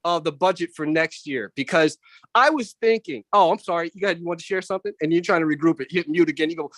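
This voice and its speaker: A man doing animated stand-up comedy over a video call from home, jumping into voices of family and coworkers. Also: on the high side, fast talker, dry recording, clean studio sound. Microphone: computer mic on a video call.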